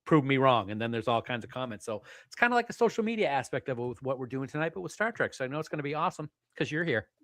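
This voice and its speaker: A man's voice: medium pitch, lively intonation, rapid-fire, hardly any pauses, a bit bright, dry recording. Easygoing guy cohosting a fan stream, mid voice, dry sound, laughs a lot. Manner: easygoing, agreeable, laughs often. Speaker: podcast co-host. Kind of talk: casual live-stream chat.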